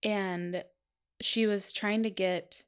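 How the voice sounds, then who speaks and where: A woman's voice: medium pitch, fairly even intonation, takes it slowly, clean tone. A woman in her thirties co-hosting a podcast, telling a personal story in casual chat, acting out quotes and laughing often. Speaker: podcast co-host.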